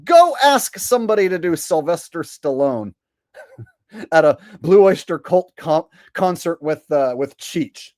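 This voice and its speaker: A man's voice: fairly high pitch, animated, unhurried, dark tone, dry recording, clean studio sound. A man hosting a livestream in a casual, sarcastic rant, profane and boastful. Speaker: host.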